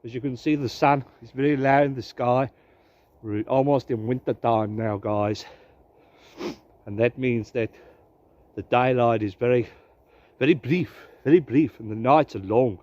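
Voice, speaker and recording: A man's voice: medium pitch, fairly even intonation, a little slow, long pauses, darkish tone, dull audio. A man hosting a casual outdoor vlog in winter woods, joking around in a put-on South African accent. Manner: jokey, playful mock accent. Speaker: bushcraft vlogger host.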